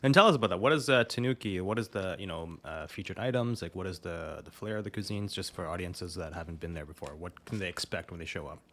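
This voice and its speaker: A man's voice: sits low, quick pace, hardly any pauses, fairly bright tone. A man hosting a casual interview, asking rambling questions and chiming in often with short replies. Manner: rambling questions, frequent backchannels. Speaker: podcast host.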